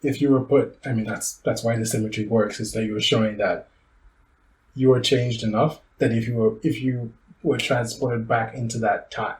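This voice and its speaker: A man's voice: medium pitch, steady tone, moderate pace, darkish tone. A man co-hosting a podcast in casual chat, teasing and joking with his co-host. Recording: roomy, with faint ambient noise.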